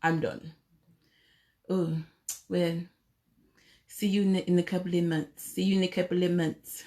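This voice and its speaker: A woman doing a smug, dismissive man, low and muttered. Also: level tone, measured pace, dark tone. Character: mocking impression of a smug male politician.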